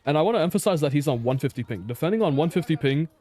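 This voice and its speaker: A man's voice: a little high, lively intonation, racing, warm tone, soft background music. A man reviewing his own match footage in casual commentary, blunt and exasperated, swearing and laughing in disbelief at mistakes.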